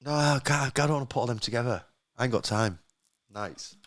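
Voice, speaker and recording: A man's voice: mid-range voice, a little fast, a bit bright. A man hosting a live podcast, chatting to viewers, swearing and joking about himself. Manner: sweary, self-mocking, talks to the live chat. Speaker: podcast host. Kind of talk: casual banter on a live podcast.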